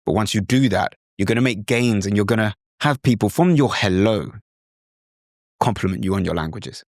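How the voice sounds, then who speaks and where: A British man hosting an instructional podcast, talking in a lively, demonstrative way and sometimes slipping into mimicked accents. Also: lowish voice, normal speed, no room sound, clean studio sound. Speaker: podcast host.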